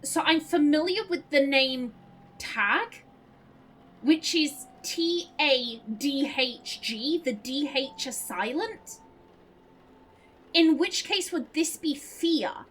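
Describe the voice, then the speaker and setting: Animated, high-pitched woman gamer. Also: takes it slowly, a little hiss or hum, low-quality recording. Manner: excitable, rambling, self-interrupting. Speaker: let's play host. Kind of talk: casual gaming commentary and reading aloud.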